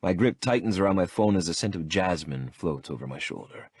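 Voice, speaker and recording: A man narrating an audiobook in first person in a brooding, measured way. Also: sits low, animated, slightly rough, no echo.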